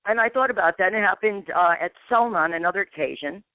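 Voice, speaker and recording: A fast-talking woman with a mid-range voice, a paranormal investigator, rambles through a long story in a phone interview. She acts out dialogue with "I'm like," over a tinny, dry line with no echo.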